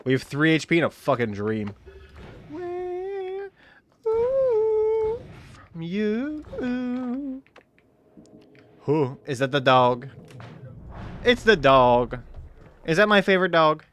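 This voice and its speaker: A man streams a game with casual commentary, joking, swearing and letting out sudden yelps. His medium-pitched voice is animated and a bit bright, at a moderate pace, with slight background noise.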